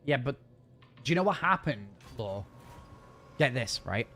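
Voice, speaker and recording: A man from the north of England with a northern English accent, chatting casually and jokily on a gaming livestream, talking fast with frequent restarts. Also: medium pitch, very animated, pushed and bright. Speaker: streamer.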